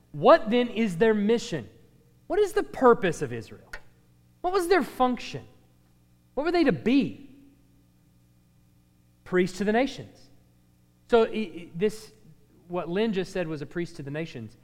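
A man with a high voice teaches a Bible class. His pitch swings widely as he explains the verses. He reads them out with dramatic flair, and the sound rings in a long hall reverb. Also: a little slow, pauses often. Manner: animated, reads verses dramatically, repeats words when restarting.

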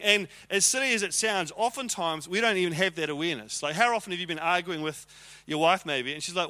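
A man's voice: high voice, quick pace, bright, forceful tone. A man teaching on leadership in a conversational sermon style, acting out arguments with quoted voices.

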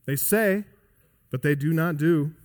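A male pastor preaching a sermon emphatically, swinging between loud high emphasis and quiet low drops. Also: a little slow, big-room sound. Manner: emphatic preaching with wide swings in pitch and loudness. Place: church sanctuary.

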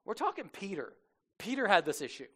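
The preacher is a man who tells Bible stories in everyday slang. His tone is loose and humorous, and he slips into quick character bits. He delivers the sermon as an easy, conversational talk. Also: high voice, big pitch swings, pushed and bright, breathy edge. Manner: casual, jokey storytelling, acts out characters. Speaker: pastor.

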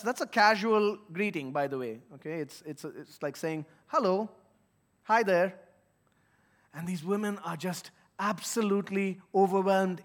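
A man's voice: sits high, a bit bright. A man giving an earnest, emphatic sermon as a pastor, reading scripture and explaining it.

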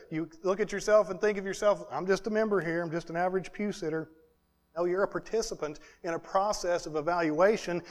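Earnest high-voiced male pastor preaching. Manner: earnest, building in lists and repetitions. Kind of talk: sermon.

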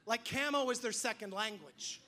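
Very high-voiced animated male preacher. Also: moderate pace. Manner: animated, acts out quoted voices; frequent restarts and repeated words. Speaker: pastor. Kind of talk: sermon with storytelling.

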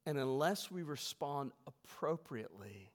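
A man preaching a sermon to his congregation, emphatic, swelling loud and then dropping low. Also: animated, unhurried, in a large hall. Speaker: pastor. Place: church sanctuary.

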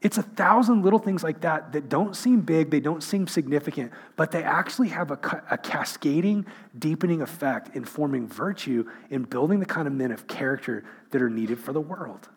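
Middle aged guy preaching, husky voice kinda high, jokey storytelling then earnest. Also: lively intonation, normal speed, hardly any pauses. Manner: humorous storytelling, self-mocking, earnest. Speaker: pastor. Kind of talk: sermon.

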